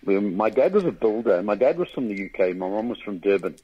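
A South African man, a comedian guest, chatting in a lively storytelling way in a radio studio. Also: on the low side, breathy edge. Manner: lively storyteller with quick bursts of mimicry. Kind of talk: casual interview chat. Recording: dull radio studio sound.

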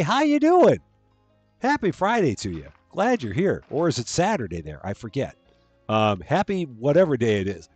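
A man's voice: fairly low pitch, darkish tone, no echo. A man casually chatting with viewers while he plays a farming game on a live stream, greeting people and laughing at his own jokes.

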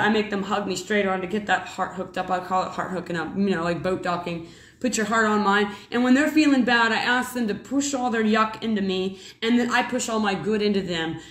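A woman in her thirties, a mother, telling a rambling spiritual story in a casual, animated way. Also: medium pitch. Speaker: mother and preacher. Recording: echoey room.

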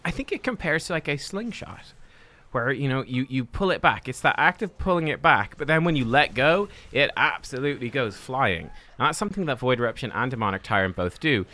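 Young male gaming creator, lively up-and-down delivery, casual self-mocking commentary. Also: mid-range voice, fairly quick. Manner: chatty, self-deprecating, laughs at himself. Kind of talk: casual commentary over gameplay.

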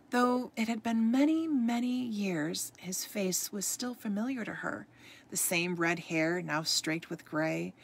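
Gravelly, low-voiced woman reading a story. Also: a little hiss or hum. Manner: expressive read-aloud, occasional stumbles. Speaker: storybook reader. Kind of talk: reading a ghost story aloud.

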